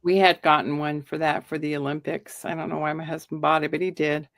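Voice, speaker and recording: A woman's voice: sits low, a little fast, no room sound, clean studio sound. Middle-aged woman telling a ghost story. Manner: animated, acts out quoted lines. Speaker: guest storyteller.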